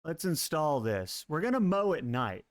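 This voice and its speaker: Excitable streamer guy, slightly high voice. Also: measured pace, smooth, no room sound. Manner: excitable, laughs and swears at the game. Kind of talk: casual live gameplay commentary.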